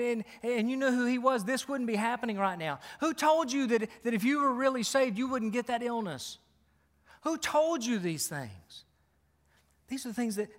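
A male pastor preaching a sermon in a church, emphatic and repetitive, firing rhetorical questions. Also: extremely high pitch. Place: church sanctuary. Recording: long hall reverb.

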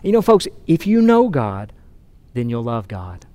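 A pastor preaching a sermon, telling stories earnestly with frequent repeated words. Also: male voice, mid-range voice, huge pitch swings, unhurried, warm tone, dry recording.

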